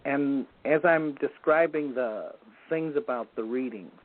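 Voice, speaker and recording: Male guest recounting a story over the phone; average pitch, relaxed pace with self-corrections, thin telephone audio. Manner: unhurried, with frequent restarts. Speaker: guest recalling a medicine man. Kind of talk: conversational storytelling. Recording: tinny phone line.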